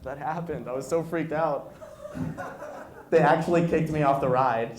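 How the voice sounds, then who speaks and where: A man in his twenties doing an animated stand-up set in a bar, jumping into loud high voices for the people he quotes. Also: normal speed, pauses often, a little hiss or hum. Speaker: stand-up comedian. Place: bar and grill comedy night. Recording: echoey room, stage mic. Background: audience laughter.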